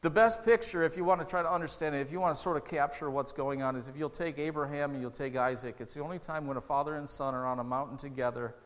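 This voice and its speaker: A man's voice: a little high, a bit bright, long reverb tail. A man preaching a sermon as pastor, earnest and conversational, with restarts and rising emotional peaks.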